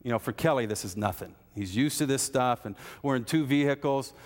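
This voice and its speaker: A man's voice: medium pitch, fairly quick. Guy preaching a sermon in a church, folksy stories, keeps asking questions, lots of hall echo. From American Midwest. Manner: folksy storytelling with repeated rhetorical questions. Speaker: pastor. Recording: hall reverb.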